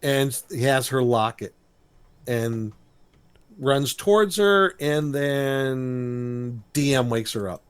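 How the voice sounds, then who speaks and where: A man's voice: mid-range voice, slow pace, smooth, no echo. A man co-hosting a podcast, recapping a cartoon episode in casual chat and acting out the characters' lines. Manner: animated storyteller, acts out character lines. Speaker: podcast co-host.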